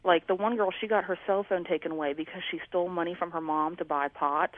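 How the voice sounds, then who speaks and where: A woman's voice: fairly low pitch, steady tone, fast talker, dry recording. A woman calling in, animatedly telling a story and acting out her neighbors' lines. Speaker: caller. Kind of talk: casual storytelling on a call. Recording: tinny phone line.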